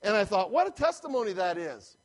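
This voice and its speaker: Animated storytelling pastor, man. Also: high-pitched, a little fast. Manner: animated storyteller, acting out voices of people in his story. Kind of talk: sermon storytelling.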